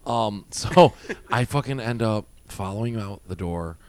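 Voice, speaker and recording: His voice sits fairly low and sounds smooth, measured in pace, with no echo on the recording. He used to be a nightclub bouncer and spins tales on a laid-back podcast, cursing frequently and animatedly acting out what people told him.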